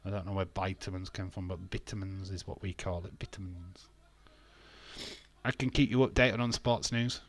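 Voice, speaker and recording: A man's voice: low-pitched, steady tone, fairly quick, few pauses. A British man hosting a casual live watch-along, bantering and reading chat comments aloud with frequent laughs. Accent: British English. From England.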